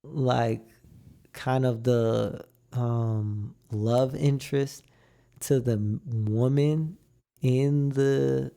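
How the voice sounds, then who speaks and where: A young man on a podcast, talking slowly in a gravelly, dark voice. He tells his story in a relaxed, drawn-out way and slips into quoted lines as he goes. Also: medium pitch. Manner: laid-back, drawn-out storytelling with acted-out quotes. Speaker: podcast co-host. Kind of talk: casual chat.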